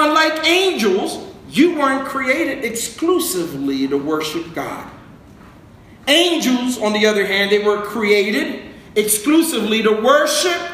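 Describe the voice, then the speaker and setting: A man's voice: very high voice, fairly bright tone. A man preaching a sermon in a conversational, joking way, asking the congregation to repeat words. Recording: very echoey room with faint noise.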